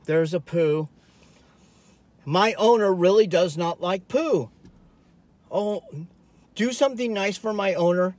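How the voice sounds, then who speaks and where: Man giving voice to a bewildered, eager house dog, higher-pitched, earnest. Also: slow pace, pauses often, darkish tone, no room sound. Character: confused eager house dog, anxious to please.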